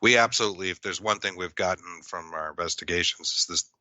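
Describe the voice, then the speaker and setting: Deep-voiced paranormal podcast host. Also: male voice, fast talker, bright, forceful tone, no room sound. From Massachusetts, USA. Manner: rambling, with frequent fillers. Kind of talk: casual podcast chat. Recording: dull, lo-fi, dry.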